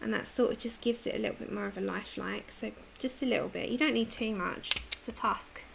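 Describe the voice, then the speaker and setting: A woman's voice: mid-range voice, quick pace, vocal fry, background noise. A British woman hosting a livestream, chatting casually while she colours, laughing often and answering viewer comments. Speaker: livestream host.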